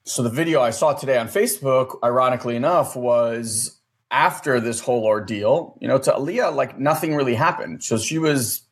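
A man's voice: mid-range voice, moderate pace. A man in his thirties telling a personal story in a casual, rambling way, earnest and full of fillers.

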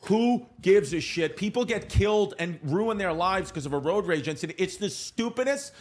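A man in his thirties hosting a comedy podcast, telling stories in a giggly, profane, animated way. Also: high voice, normal speed. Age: 30s. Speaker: podcast host. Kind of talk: casual comedy podcast chat.

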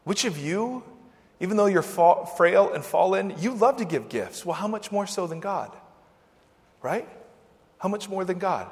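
A male pastor giving a conversational sermon, with animated swings between loud, emphatic lines and soft asides. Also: high-pitched, unhurried. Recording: long church-hall reverb.

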